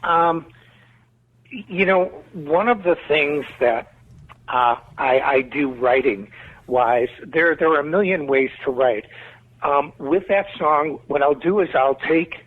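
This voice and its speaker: Chicago man, guest musician, rambling storyteller; husky voice on a tinny remote line. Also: on the high side, slow. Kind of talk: casual interview talk.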